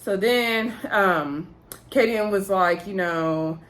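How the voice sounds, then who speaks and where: A woman's voice: medium pitch, slow pace, a bit bright. A woman giving a chatty, gossipy recap of a reality TV episode, rambling with fillers and self-corrections and laughing at the drama.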